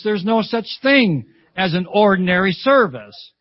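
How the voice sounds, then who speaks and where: At a church service, an older male preacher gives a fervent sermon, spinning stories, repeating lines for emphasis, and calling "Amen." His voice is high for a man, expressive, and a little slow. The recording is dull and close, with no room sound.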